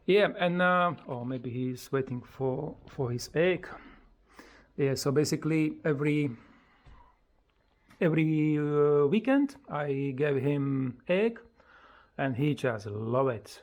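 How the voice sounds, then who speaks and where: A parrot owner casually chatting on a pet vlog in halting speech, breaking into high sing-song coaxing when talking to the bird. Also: animated, darkish tone. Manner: halting, with many fillers and simple grammar.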